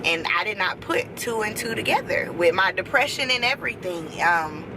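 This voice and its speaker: Chatty woman vlogging from a car. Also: mid-range voice. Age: 30s. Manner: chatty, animated, quick to laugh. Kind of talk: casual chat to camera. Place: passenger seat of a moving car. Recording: road noise inside a moving car.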